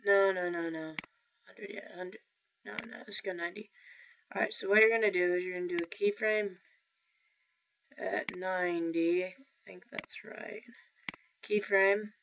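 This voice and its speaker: Rambling lower-voiced woman, lo-fi mic. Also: fairly even intonation, normal speed, gravelly, long pauses, fairly bright tone. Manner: rambling, self-correcting, filler-heavy. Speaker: software tutorial maker. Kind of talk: casual screen-recorded tutorial. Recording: dull lo-fi mic with faint noise.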